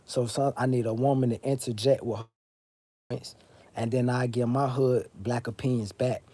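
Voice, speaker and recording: A man's voice: mid-range voice, fairly even intonation, moderate pace, warm tone. A man from South Florida hosting a casual livestream, rambling, swearing, and answering viewers in chat. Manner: rambling, profane, talks straight to chat. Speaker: livestream host.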